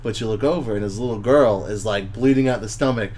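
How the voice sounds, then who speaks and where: A man co-hosting a casual podcast chat, telling stories excitedly with lots of fillers and restarts. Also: fairly low pitch, fast, slight background noise. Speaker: podcast co-host.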